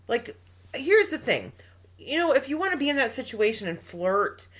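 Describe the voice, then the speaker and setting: A woman's voice: medium pitch, big pitch swings, moderate pace. A woman co-hosting an advice podcast in casual chat, talking emphatically with trailing restarts and acted-out quotes. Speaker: podcast co-host.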